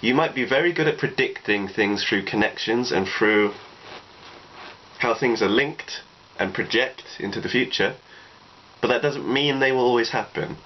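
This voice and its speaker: A man's voice: mid-range voice, moderate pace. A man, talking through personal advice in a reflective, rambling way, leaning on "you know" a lot. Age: 20s. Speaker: vlogger. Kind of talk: casual advice monologue. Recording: dull lo-fi recording with faint noise.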